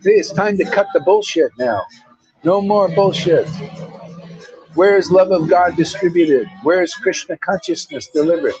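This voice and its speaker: A man's voice: high-pitched, moderate pace, a little mellow, muffled recording, faint music behind. A man giving an informal devotional talk as a spiritual teacher, blunt, preachy and full of slang.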